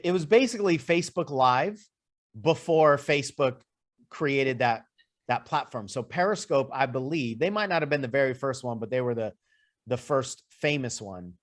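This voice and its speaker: Male life coach, mid-pitch, casual conversational delivery with asides. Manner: conversational, explaining with lists and asides. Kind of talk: coaching session.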